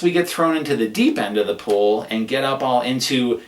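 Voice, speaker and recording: A man's voice: medium pitch, moderate pace, a bit bright, distant mic. Sarcastic, cursing man in an echoey room. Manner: sarcastic, profane, rambling rant. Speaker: gaming commentator. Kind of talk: casual recap commentary.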